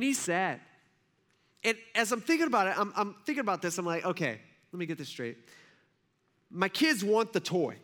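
A man's voice: a little high, a bit bright. A man in his thirties preaching a sermon, telling a family story in a loose, conversational way full of fillers and restarts. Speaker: pastor.

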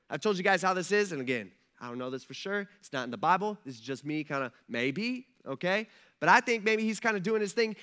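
A man preaching with a high, bright voice. He talks casually and animatedly, peppering his points with "like" and "man". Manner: conversational, animated, full of "like" and "man". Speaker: pastor. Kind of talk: sermon.

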